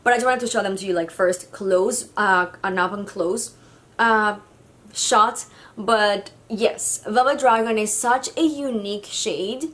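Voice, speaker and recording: A woman's voice: medium pitch, unhurried, fairly bright tone. Chatty woman with a Mexican Spanish accent. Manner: chatty and gushing, with frequent "like" and "uh" fillers. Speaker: beauty vlogger. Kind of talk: casual makeup review.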